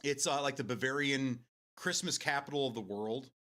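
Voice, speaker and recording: A man's voice: mid-range voice, normal speed, sharp tone. An American man hosting a live stream, chatting casually with viewers in a rambling way and laughing often. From United States.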